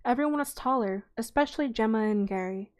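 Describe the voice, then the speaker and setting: A woman reading a children's novel aloud in a relaxed, unhurried way, with small slips as she goes. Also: on the high side.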